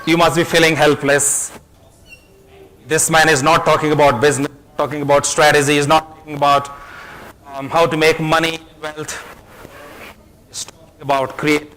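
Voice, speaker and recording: A man's voice: fairly high pitch, flat delivery, moderate pace, long pauses, sharp tone, poor audio. Emphatic man giving a motivational talk. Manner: emphatic, repeats key phrases, tells parables. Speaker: motivational speaker.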